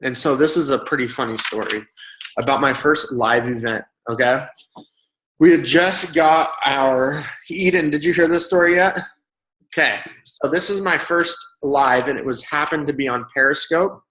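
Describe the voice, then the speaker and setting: A man chats as a guest, telling a story casually. His voice sits a little high and sounds bright and forceful. He brings the quotes to life, and the talk carries a roomy echo. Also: normal speed. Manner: animated, acts out quoted voices. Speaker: guest speaker.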